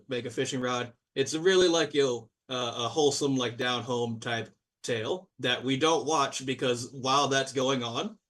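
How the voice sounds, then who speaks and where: A man's voice: mid-range voice, a bit bright, far from the mic. A man narrating a tabletop game as game master, rambling with lots of fillers and restarts. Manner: rambling, filler-heavy narration with sudden voices.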